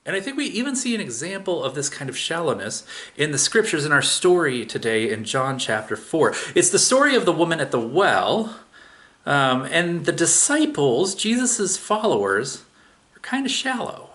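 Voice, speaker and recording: A man's voice: a little high, sing-song, moderate pace, bright, forceful tone. A man preaching a sermon, retelling a scripture story in a casual, conversational way with everyday asides. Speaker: pastor.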